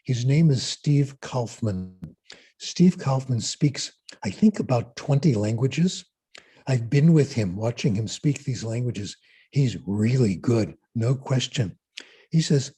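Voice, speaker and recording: Man giving a lecture, kinda raspy, talks real slow and drives points home. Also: medium pitch, animated, mellow. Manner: asks rhetorical questions and answers them. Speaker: conference speaker. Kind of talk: lecture on language learning.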